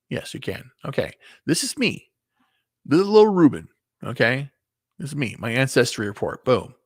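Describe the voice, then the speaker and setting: Gravelly-voiced man, rambling monologue. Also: medium pitch, no echo, studio quality. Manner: rambling, restarts, swears under breath, sharing screen. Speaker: video commentator. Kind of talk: casual opinion monologue to camera.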